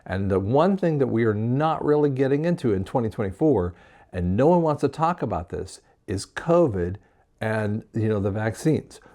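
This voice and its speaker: A man who works as a hearing clinic doctor, explaining a health topic to camera in a casual, conversational way, with many fillers and pauses. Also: medium pitch, expressive, mellow.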